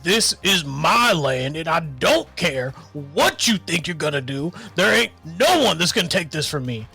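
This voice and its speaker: Guy doing a gruff hardheaded farmer dad, defiant, slow and heavy. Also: on the high side, big pitch swings, bright, forceful tone, faint music behind, pitched above the performer's own voice, exaggerated voice. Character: stubborn angry rural father with a shotgun.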